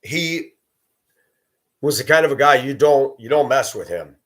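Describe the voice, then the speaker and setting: A man's voice: mid-range voice, animated, measured pace, a bit bright. A man talking to the camera in a rambling personal monologue, blunt and sometimes crude. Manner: rambling, blunt, with coarse language. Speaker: vlogger.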